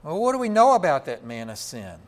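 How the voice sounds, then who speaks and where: A man's voice: a little high, wildly swooping pitch, fairly quick. A man preaching a sermon, asking the congregation rhetorical questions and answering them himself.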